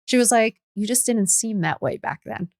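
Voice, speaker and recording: A middle-aged woman, a podcast guest, telling stories in a candid, profane, animated way in casual chat. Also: on the high side, normal speed, vocal fry, dry recording, clean studio sound.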